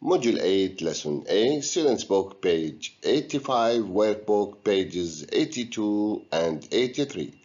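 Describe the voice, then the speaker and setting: A male English teacher in a recorded video lesson, speaking slowly and deliberately with a lively, rising-and-falling voice. The recording is a little muffled and lo-fi. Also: fairly low pitch. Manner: slow, deliberate, guiding students step by step.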